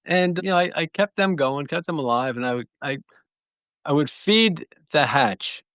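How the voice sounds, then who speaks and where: A man's voice: a little high, lively intonation, normal speed, a bit bright, clean tone, dry recording. A man telling stories in an interview, rambling through anecdotes with small restarts. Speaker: guest clownfish breeder. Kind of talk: relaxed storytelling.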